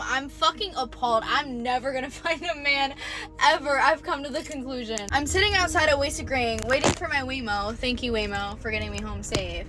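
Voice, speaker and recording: Brief: drunk woman of 21, high voice, profane indignant rant, phone-recorded outdoors with loud music nearby. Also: moderate pace. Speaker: college student. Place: outdoors outside a bar at night.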